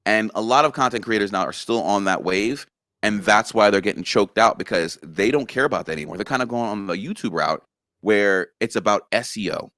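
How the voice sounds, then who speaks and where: A man's voice: on the low side, fairly quick, a bit bright, no echo, studio quality. A man guest on a casual interview chat, earnestly explaining things step by step. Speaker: guest content creator.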